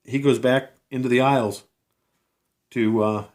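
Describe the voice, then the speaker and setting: A man's voice: medium pitch, fairly even intonation, measured pace. A man vlogging outdoors, telling a personal story casually, rambling with many fillers and restarts, sounding incredulous.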